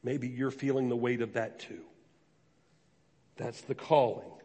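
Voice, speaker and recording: A man's voice: medium pitch, a little slow. Man preaching in an echoing hall. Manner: storytelling with acted quotes, animated. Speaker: pastor. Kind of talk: sermon. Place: church sanctuary. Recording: long reverb of a large hall.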